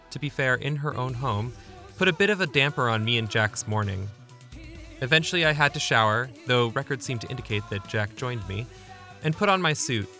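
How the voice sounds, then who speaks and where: A young man with a mid-range voice and sharp tone narrates his own memoir. He tells it conversationally, with wry, self-deprecating humor.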